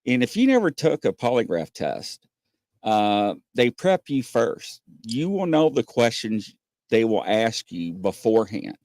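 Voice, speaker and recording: A man hosting a casual podcast, telling stories with lots of pauses and acting out what people said. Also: medium pitch, very animated, a little mellow, no room sound, clean studio sound. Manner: rambling storyteller, many "uh" pauses, acts out quotes. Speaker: podcast host. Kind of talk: casual chat.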